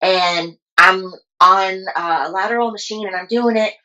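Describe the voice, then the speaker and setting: Woman, slight Texan accent, podcast guest, animated slangy storyteller, mid-pitched voice. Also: moderate pace, muffled recording. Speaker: fitness coach and bodybuilder guest. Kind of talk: casual interview chat.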